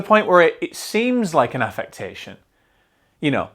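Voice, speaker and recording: A man's voice: high-pitched, huge pitch swings, moderate pace, a bit bright. A man with a Northern English accent hosting a casual film review show, chatty and digressive, often restarting his sentences. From north of England.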